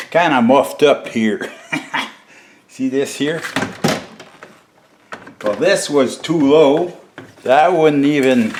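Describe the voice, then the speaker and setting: Slow, chuckling man. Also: mid-range voice, background noise. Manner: chuckling often, chatty, addresses viewers as folks. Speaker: DIY vlogger. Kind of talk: casual home-project demo.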